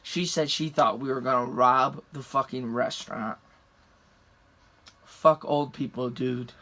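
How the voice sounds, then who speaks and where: A young man from the rural United States tells a story casually but heatedly, swearing constantly in a profane retelling. His medium-pitched voice is steady and sharp, and he doesn't hurry.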